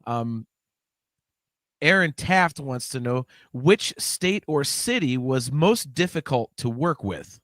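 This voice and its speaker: Slow-talking male podcast host, dry sound. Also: mid-range voice, sing-song, a bit bright, no echo. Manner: laughs easily, reads out listener questions. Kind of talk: casual chat.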